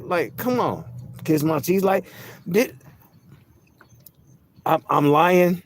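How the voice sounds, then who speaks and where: A man's voice: fairly high pitch, slow pace, pauses often, slight background noise. A man vlogging a casual, profane, boastful rant to his viewers from outdoors in public. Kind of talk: casual ranting monologue to camera.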